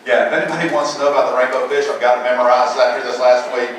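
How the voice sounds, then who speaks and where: A man talks to a forum crowd in a quick, joking, conversational way, with a middle-range voice. The hall rings with heavy echo. He is some distance from the mic, and faint noise sits behind him. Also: mid-range voice, flat delivery. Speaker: state senator speaking at a forum. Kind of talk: campaign speech. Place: large echoey hall. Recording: echoey hall from far off.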